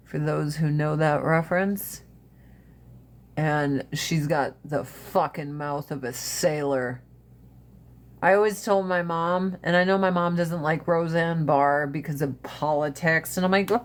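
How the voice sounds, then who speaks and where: A woman's voice: deep voice, slow. Blunt, foul-mouthed woman livestreaming. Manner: blunt, profane and animated. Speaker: livestream host. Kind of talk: casual livestream chat.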